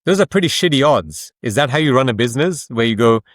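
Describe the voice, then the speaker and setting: A man speaking in an interview at a middle pitch, with an explanatory, emphatic way of talking. He leans on rhetorical questions to drive his points home. The sound is dry and close. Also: expressive, fast, no echo. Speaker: author and coach, podcast guest. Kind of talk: conversational interview.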